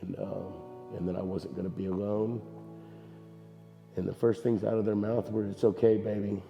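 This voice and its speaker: A man giving a personal testimony at church, halting and earnest, with a voice worn from screaming. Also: on the low side, fairly even intonation, creaky, long reverb tail, highs cut off, over music. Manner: halting, earnest, many fillers.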